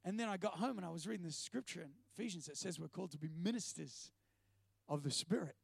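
A man's voice: high-pitched, fast, vocal fry, husky, no echo. A man preaching a sermon, telling stories with jokey asides. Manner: storytelling, animated, jokey asides. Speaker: preacher and TV presenter.

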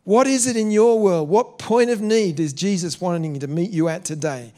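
A man's voice: high-pitched, moderate pace, darkish tone. A man preaching a sermon, earnest, with some repeated words and direct questions to his listeners.

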